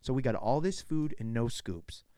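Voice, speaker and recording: A man spins a profane, animated story in casual chat, often laughing and acting out quotes in a higher voice. His voice is smooth and resonant. The recording is dry and close. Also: moderate pace, dry recording. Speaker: show co-host.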